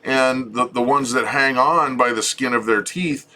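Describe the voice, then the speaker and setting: A middle-aged man with a bright, forward voice, co-hosting a home chat show. He talks in a loose, joking way and often restarts his sentences. His pitch sits in the ordinary male middle. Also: measured pace. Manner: chatty, relaxed, joking, frequent restarts. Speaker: co-host of a homesteading channel. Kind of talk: casual chat with viewers.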